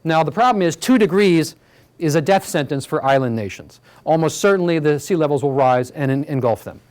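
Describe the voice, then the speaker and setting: A man lectures from slides in a community hall, his fairly high voice darkish in tone, quick and lively. The talk is casual and full of fillers, and he keeps turning to the audience with "all right?"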